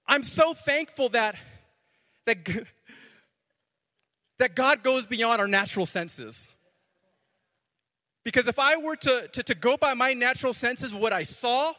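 A man preaching a sermon as pastor, animated, repeating words and swinging from loud to hushed. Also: very high-pitched, measured pace, long pauses. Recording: long hall reverb.

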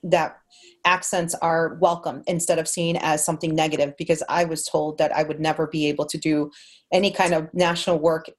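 A woman's voice: deep voice, flat delivery, brisk. A woman from Mexico with a light Mexican accent, a voice actor guest talking earnestly and thankfully, thinking aloud on a podcast roundtable.

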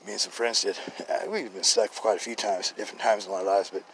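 Chatty man telling a story, hushed and loud by turns. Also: fairly low pitch, fast talker, a little hiss or hum. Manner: chatty, laughs often, drops to hushed murmurs and bursts into loud excited quotes. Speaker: podcast host telling a testimony. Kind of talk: rambling casual storytelling. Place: outdoors in a neighborhood, birds and a dog nearby.

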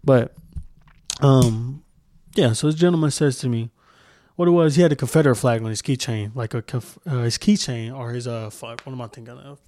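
A man's voice: medium pitch, moderate pace, warm tone, no echo, clean studio sound. A young man hosting a solo podcast, talking casually in a heated, profane, rambling way with many restarts. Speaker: podcast host.

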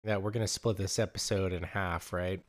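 A man's voice: sits low, steady tone, normal speed. A man co-hosting a podcast, joking about himself in dry, casual banter. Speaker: podcast co-host. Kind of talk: casual chat.

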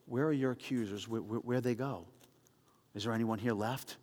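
A man voicing a gentle, calm Jesus who speaks quietly during a sermon. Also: medium pitch, moderate pace, long reverb tail, close to an everyday voice.

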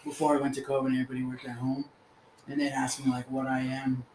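A young man chats casually and laughs often, laid-back and profane, full of filler words. His mid-range voice is monotone, fast, and a little mellow, recorded in an echoey room with faint ambient noise.

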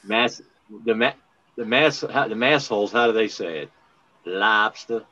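A man from Maryland in casual podcast chat, rambling and halting with frequent restarts. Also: lowish voice, sharp tone. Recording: muffled lo-fi sound.

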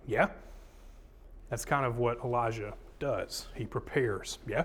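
A pastor teaches through a sermon in a relaxed, conversational way. He talks with the people in front of him and reads scripture passages with rising emphasis. His voice sits at a middling pitch for a man. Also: slow pace, breathy edge.

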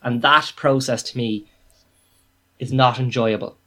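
A man's voice: medium pitch, fairly even intonation, unhurried, fairly bright tone. A man, co-hosting a podcast and talking animatedly, acting out his own reactions. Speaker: podcast co-host. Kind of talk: casual chat.

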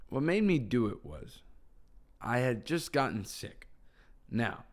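A man's voice: medium pitch, sing-song, slow pace. A young man telling a personal story to camera in a casual, rambling way, full of "like". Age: young adult. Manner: rambling, heavy use of "like". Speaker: vlogger.

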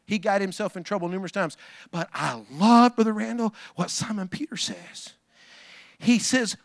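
A man preaching a sermon, folksy and talking to the congregation, swinging from low asides to shouted calls. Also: normal speed, creaky, dry recording, studio quality. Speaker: pastor.

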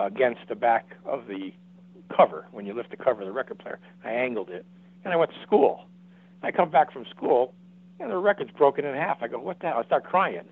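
A man's voice: medium pitch, no echo. Older man telling a story over a phone line. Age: 70s. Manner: rambling, repeats and restarts, acts out quotes. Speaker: guest. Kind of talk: casual storytelling. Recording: dry tinny phone-like line.

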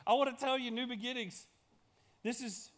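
A man's voice: extremely high pitch, fairly even intonation, measured pace, a bit bright. A male pastor delivering a sermon in a church, building emphasis through repeated phrases.

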